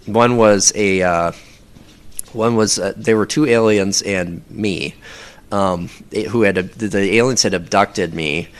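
A man with a fairly low voice chats in a relaxed interview. He talks haltingly, circling back and restarting his thoughts as he describes his own recordings. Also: smooth. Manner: rambling, halting, many fillers and restarts. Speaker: audio performer interviewed about his work. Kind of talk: casual interview talk.

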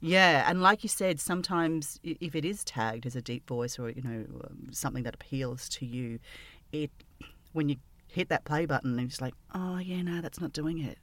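A woman hosting a casual podcast interview, talking hesitantly with many pauses and restarts. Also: a bass voice, a bit bright, no room sound. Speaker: podcast host interviewing an audio creator.

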